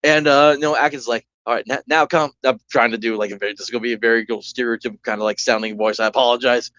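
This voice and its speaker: A man's voice: medium pitch, fairly even intonation, racing, a bit bright, lo-fi sound. Chatty man narrating a solo game. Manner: rambling, chatty, with restarts and asides. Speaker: solo tabletop game player and streamer.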